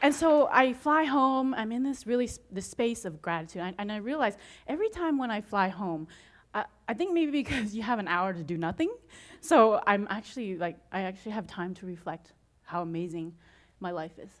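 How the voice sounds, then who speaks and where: A woman giving an inspirational talk to an audience, telling her story with frequent laughter and acting out her own excited reactions. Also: medium pitch, moderate pace. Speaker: motivational speaker.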